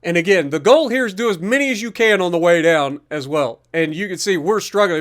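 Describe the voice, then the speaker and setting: A man's voice: sits high, fairly quick, hardly any pauses, fairly bright tone. A man talking viewers through his gym workout in a chatty, upbeat voice-over. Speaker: fitness vlogger. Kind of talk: casual workout commentary voice-over.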